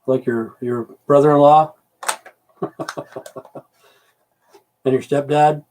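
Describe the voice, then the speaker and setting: A man's voice: medium pitch, fairly even intonation, slow, darkish tone, a little hiss or hum. A middle-aged man chatting casually on a livestream, answering viewers' comments, rambling, swearing and losing his train of thought. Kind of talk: casual live-stream chat.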